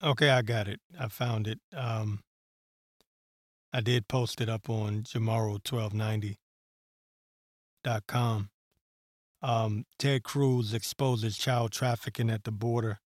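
A man with a lowish, steady voice hosts a solo podcast of political commentary, speaking slowly and pausing often. He goes off on heated, profane tangents with plenty of fillers. The audio is studio quality with no room sound.

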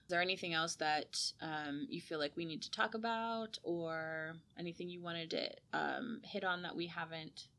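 A woman's voice: fairly low pitch, steady tone, moderate pace, few pauses, fairly bright tone. A woman hosting a podcast, asking questions in casual chat and laughing often. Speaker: podcast host.

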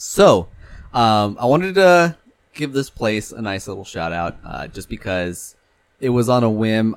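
A man's voice: lowish voice, no echo. A young man from California chatting on a podcast, rambling loosely, swearing casually and laughing easily. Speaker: podcast co-host. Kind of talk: casual chat.

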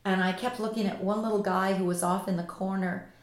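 A woman guest on a podcast tells her stories with deep passion, and her words build in vivid detail. Her voice sits at an ordinary middle pitch. The recording picks up a clear echo from the room. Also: steady tone, a little fast. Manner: impassioned, vivid anecdotal storyteller. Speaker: author and empathy expert guest. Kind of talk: podcast interview storytelling.

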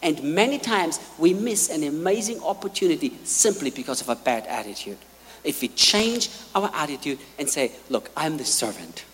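A man preaching a sermon, telling stories in an animated way and acting out quotes. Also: on the high side, moderate pace, in a large hall, slight background noise.

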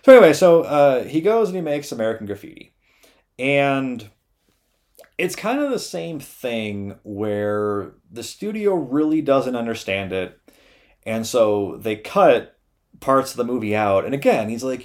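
A man's voice: mid-range voice, a little slow. Profane, loose male storyteller. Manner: loose, profane, animated retelling with frequent "uh". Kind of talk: casual storytelling.

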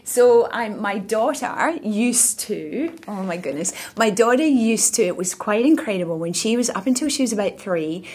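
A woman's voice: mid-range voice, expressive, moderate pace, few pauses, a little mellow. A Scottish woman in a casual interview, reflective and rambling, with frequent ums and restarts. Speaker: interview guest.

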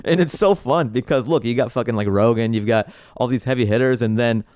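A male comedian guest on a podcast, telling stories in an animated, casual way and laughing often between phrases. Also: medium pitch, fairly quick, no echo, studio quality.

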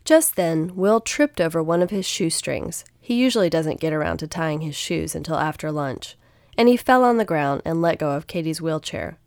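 Lower-voiced woman narrator for a children's audiobook, steady delivery, dry close recording. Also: moderate pace, no echo.

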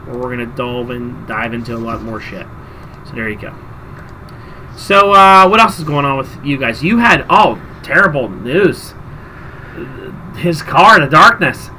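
A man's voice: on the high side, a little hiss or hum, rough recording. A man hosting a podcast, telling a story in casual chat and acting out the people in it. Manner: animated storyteller, acts out quotes. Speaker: podcast host.

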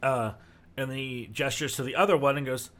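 A man's voice: mid-range voice, brisk. Man, game master, narrating a tabletop game, laid-back, rambling with fillers. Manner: relaxed, rambling descriptions with fillers.

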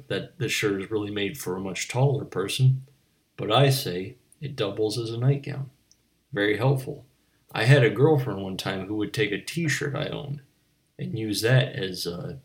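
Low-voiced man in a rambling mock-philosophical monologue. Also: measured pace. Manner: meandering, stammering restarts, mock-philosophical. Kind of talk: rambling absurdist comic monologue. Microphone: on camera, speaking to viewers.

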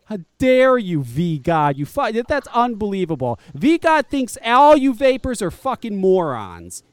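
High, lively-voiced man ranting on a podcast. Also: a little slow, clear, resonant tone, no room sound. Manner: profane, scornful, laughing rants. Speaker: podcast host. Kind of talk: casual ranting chat.

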